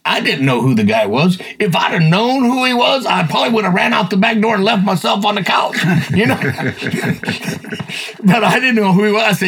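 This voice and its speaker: Gravelly, husky older man telling stories. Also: on the high side, lively intonation, moderate pace. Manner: folksy, plain-spoken, with frequent "you know" and "man". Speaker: podcast host. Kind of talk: personal testimony storytelling.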